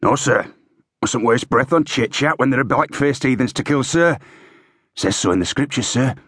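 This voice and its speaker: A man voicing a scarred, zealous old army sergeant who barks orders in a gruff voice. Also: mid-range voice, normal speed, fairly bright tone, dry recording, studio quality, pitched above the performer's own voice. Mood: barking. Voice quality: gruff, barking. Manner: bellows drill orders, fervent.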